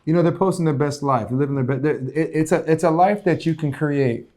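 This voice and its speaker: A man's voice: a little high, fairly quick, mellow. A man co-hosting a podcast, speaking candidly in casual conversation. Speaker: podcast co-host.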